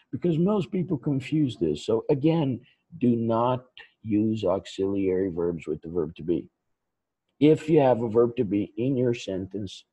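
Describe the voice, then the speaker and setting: A man teaching English grammar in a screen-recorded lesson, patient and slow, repeating each example. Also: lowish voice, warm tone, breathy edge, no echo, dull audio.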